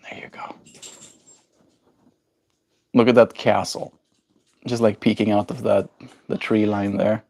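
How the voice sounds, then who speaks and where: Young South African male streamer, low gravelly voice, loose joking chat with viewers. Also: flat delivery, a little slow, pauses often, warm tone, no room sound. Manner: joking, reads chat aloud and answers it. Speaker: livestreamer. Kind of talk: casual live-stream chat.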